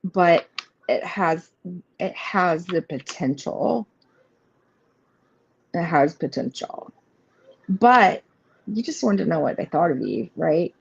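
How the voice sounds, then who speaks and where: A woman reads tarot live for her viewers, talking casually with lots of fillers and restarts. Her voice sits low with a gravelly fry and swings widely in pitch. The stream audio is slightly muffled, with faint noise and keyboard clicks behind her. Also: animated, slow, long pauses. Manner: chatty and rambling, many fillers and restarts; reassuring, speaks straight to viewers. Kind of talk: casual live card reading.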